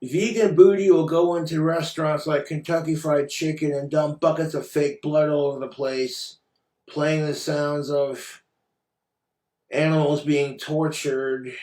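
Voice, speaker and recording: Guy ranting on his vlog, swears constantly, sarcastic and fed up, kinda high voice, echoey room. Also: steady tone, measured pace, darkish tone. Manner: profane, sarcastic, exasperated. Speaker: commentary vlogger. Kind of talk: ranting commentary.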